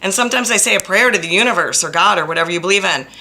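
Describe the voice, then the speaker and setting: A woman's voice: mid-range voice, animated, very fast, few pauses, bright, forceful tone. A woman counselor talking straight to camera about her own experience, frank and blunt, stressing points by repeating them. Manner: frank and blunt, openly emotional; emphatic, repeats phrases for stress. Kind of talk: direct-to-camera personal talk.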